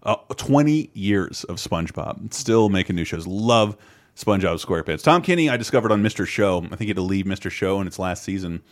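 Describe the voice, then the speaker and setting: A man hosting a casual podcast, animated and rambling, often laughing and swearing. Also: low-pitched, a little fast, few pauses. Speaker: podcast host.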